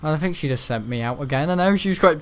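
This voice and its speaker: A man's voice: on the high side, expressive, fast talker. A man giving casual, rambling gameplay commentary, joking and laughing often. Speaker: gaming channel host.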